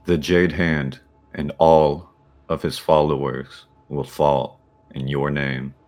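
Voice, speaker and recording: A man playing in a tabletop game, describing his character's actions in a plain, measured way. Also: a bass voice, little pitch movement, darkish tone. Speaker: player.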